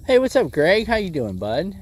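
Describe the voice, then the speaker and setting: A man livestreaming bass fishing from a boat on a lake, chatting with viewers in an easygoing way and talking excitedly to the fish as he reels it in. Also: normal speed, husky. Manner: excitable, talks to the fish and chat. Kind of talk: casual live commentary while fishing.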